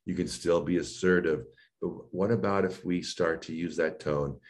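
Low-pitched and moderately paced, this man is a voice and speech coach being interviewed. He describes his sessions with animation, performing both his own part and the client's.

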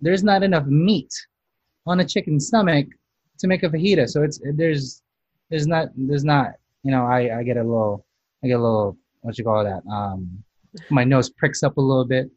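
A chef hosts a casual food podcast, chatty and self-mocking, frequently restarting his sentences. His voice is medium in pitch, moderately paced and a little mellow, recorded with no echo but with the highs cut off.

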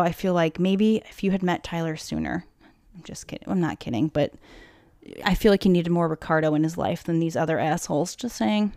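A young woman tells a true crime story in a loose, chatty way, breaking off for blunt, swearing commentary and hushed whispered aside. Her voice sits close and dry, with no room sound at all. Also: on the low side, smooth, no echo. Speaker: true crime podcast host.

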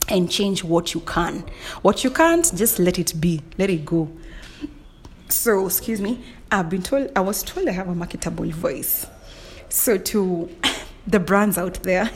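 A woman's voice: on the low side, slight background noise. A woman hosting a solo podcast, chatting casually and playfully, often breaking into laughter and mock indignation. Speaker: podcast host.

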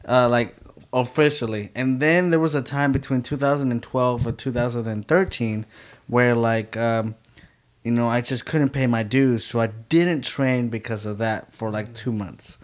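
A young man chatting as a guest, telling stories in an animated way with lots of fillers like "you know" and "like". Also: mid-range voice, moderate pace. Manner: animated storyteller, many fillers. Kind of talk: casual chat.

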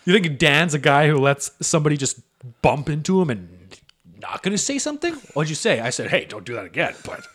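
A man's voice: fairly high pitch, sing-song, fairly quick, a bit bright. A man co-hosting a podcast in casual chat, chiming in with jokes and laughing along. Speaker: podcast co-host.

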